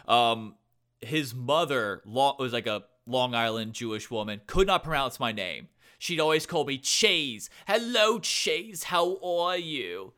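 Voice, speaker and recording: A man's voice: medium pitch, unhurried, sharp tone, smooth. A man hosting a casual interview, chatty, asking questions and agreeing often. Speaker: host.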